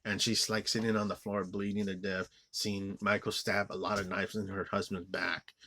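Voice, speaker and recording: A man's voice: sits low, flat delivery, normal speed, sharp tone, slight background noise. A man giving an angry, profane movie review rant, rambling with many restarts and fillers. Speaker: film reviewer.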